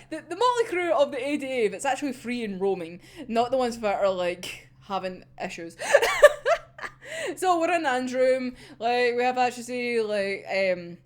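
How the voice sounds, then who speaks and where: Chatting loosely about an anime episode, this young anime reviewer speaks with a Scottish accent. Her voice is fairly high and swings a lot in pitch when she gets excited, with frequent bursts of laughter and casual swearing.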